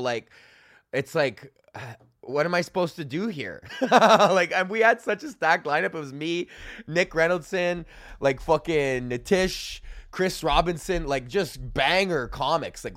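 A young man, a stand-up comic hosting his own podcast, ranting in a loose, profane, animated way and acting out what people said. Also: a little high, no room sound, clean studio sound. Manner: animated, swears constantly, acts out quotes. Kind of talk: casual profane rant.

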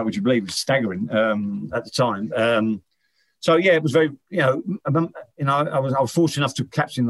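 A man, a former footballer, chatting as an interview guest, often restarting and repeating words as he tells stories. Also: medium pitch. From England, Northern Irish parents. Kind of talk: casual interview chat.

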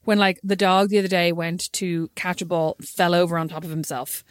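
An Irish woman co-hosting a podcast, telling stories in an animated, jokey way. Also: fairly low pitch, a little fast, no echo, clean studio sound. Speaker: podcast co-host. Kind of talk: casual chat.

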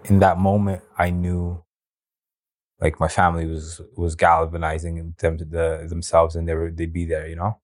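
A man with a low voice tells his story casually, acting out dialogue with plenty of fillers. He sounds set back from the mic in an echoey room. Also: monotone, normal speed. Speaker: interview guest telling his story. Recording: roomy, distant mic.

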